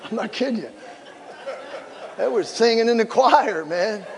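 Animated high-voiced man preaching a sermon. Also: long reverb tail, a little hiss or hum. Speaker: pastor.

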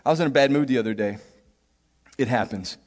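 A man preaching a sermon, animated and funny, acting out little scenes in different voices and laughing often. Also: mid-range voice, fast, big-room sound. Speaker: pastor.

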